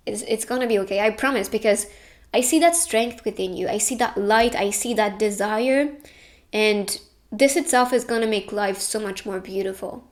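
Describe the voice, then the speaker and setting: A young woman giving a casual tarot reading, earnest and reassuring, getting tearful at times. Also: medium pitch. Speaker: tarot reader.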